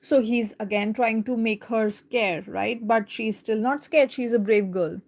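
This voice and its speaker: A woman teaching a live beginner French lesson, reading a picture book aloud and explaining each line slowly and carefully. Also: on the high side, darkish tone.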